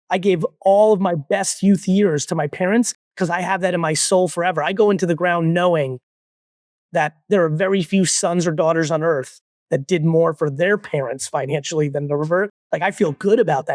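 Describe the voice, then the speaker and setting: A man in his forties, born in Russia, talking as a guest entrepreneur in a blunt, profane, animated way. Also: high voice, no echo, studio quality. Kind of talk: casual interview talk.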